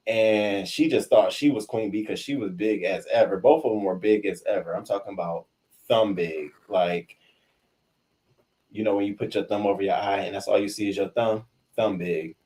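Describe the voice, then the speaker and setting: A young adult man talks in a confessional storytelling style, and his voice sits a little low. He is animated and profane, and he breaks into the voices of the people he is quoting. The delivery moves loosely between swagger and exasperation.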